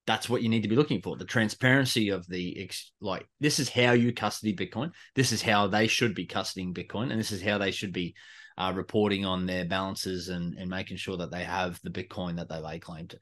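A man's voice: low-pitched, steady tone, a little fast, a bit bright. An Australian man hosting a casual podcast chat, laid-back and laughing easily. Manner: laid-back, swears freely, laughs often.

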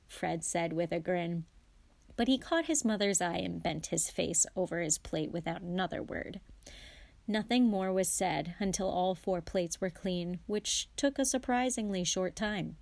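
A woman reads a chapter of a children's novel aloud in a steady, measured storybook voice. Her pitch sits on the low side with a gravelly grain. The sound is dry and close. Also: no room sound. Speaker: guest reader.

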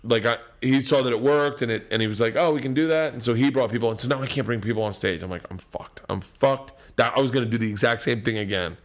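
A middle-aged man telling wild stand-up stories in a casual, profane talk, swinging between loud and hushed. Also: medium pitch, rapid-fire, hardly any pauses. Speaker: guest comedian. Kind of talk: casual podcast storytelling.

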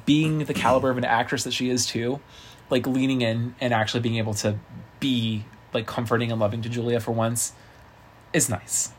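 A male podcast co-host talking casually, his sentences peppered with fillers. His voice is of middling pitch. A faint noise floor sits behind him. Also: flat delivery, fairly quick. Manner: chatty, uses fillers like "um" and "like". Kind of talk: casual chat.

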